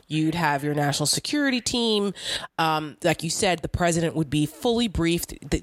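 A woman hosting a political talk show, measured as she questions her guest. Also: lowish voice, no room sound.

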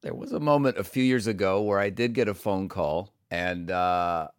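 A man's voice: low voice, moderate pace, clean tone, dry recording, studio quality. A man who does comedy and voice work, telling stories loosely and swearing freely in a casual interview. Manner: animated, swearing storyteller. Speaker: comedian and voice actor.

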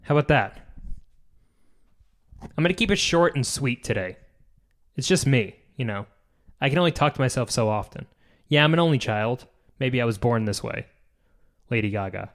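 A man hosting a solo podcast, rambling and joking and often trailing off into quiet mumbles. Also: medium pitch, animated, moderate pace, pauses often. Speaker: podcast host. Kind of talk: casual solo podcast chat.

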